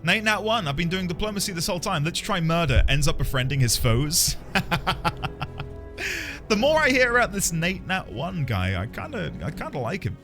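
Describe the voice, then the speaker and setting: Sitting high and a bit bright, this man's sing-song voice moves at a moderate pace as he streams a game. His commentary wanders playfully and includes plenty of self-mockery. Background game music plays throughout.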